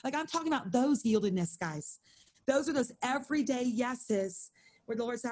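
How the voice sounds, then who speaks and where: A woman's voice: fairly high pitch, lively intonation, normal speed, a little mellow. A woman leading a Bible study prayer over a video call, earnest and fervent, often repeating her phrases.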